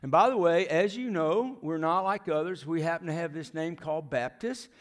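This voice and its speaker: A man's voice: a little high, moderate pace. A middle-aged man, preaching a folksy, storytelling sermon in a church as a visiting missionary. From United States. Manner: folksy storytelling, asks the crowd questions. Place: church sanctuary.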